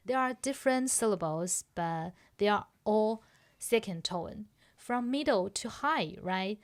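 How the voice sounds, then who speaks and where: A woman's voice: mid-range voice, lively intonation, measured pace. A woman teaching a pronunciation lesson on a podcast, taking her time with every phrase. She explains patiently, step by step, and keeps asking whether the listener has followed. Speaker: language teacher and podcast host.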